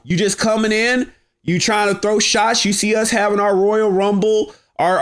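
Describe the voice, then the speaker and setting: A high-voiced man hosts a livestream and rants at a rival. His delivery is combative and mocking, full of slang, and it climbs into shouts when he gets worked up. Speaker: livestream host. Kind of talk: heated livestream rant.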